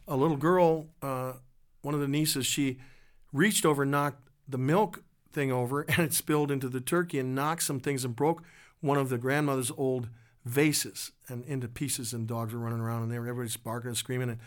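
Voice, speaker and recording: A man, a musician guest, telling stories in a reflective, earnest way, halting with restarts and fillers. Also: medium pitch. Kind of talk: reflective conversational storytelling.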